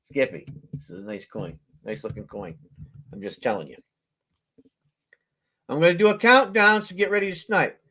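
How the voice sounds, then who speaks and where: A man hosting a casual live coin auction, joking and laughing as he praises a coin and calls out bids. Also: on the high side. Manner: folksy, joking, laughs often; slow, drawn-out calls with animated countdowns.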